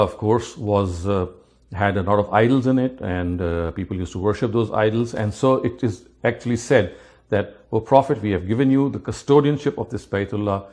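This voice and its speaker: Man methodically explaining scripture, low-pitched. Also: darkish tone. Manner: methodical, often restarts phrases, recites verses rapidly. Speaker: religious teacher.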